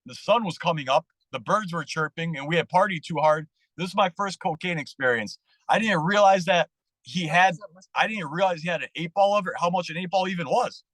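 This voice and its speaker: Candid, profane man with a high-set voice. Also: fairly quick, dry recording, rough recording. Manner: candid, profane and animated, acting out dialogue. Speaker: podcast guest. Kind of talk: casual storytelling interview.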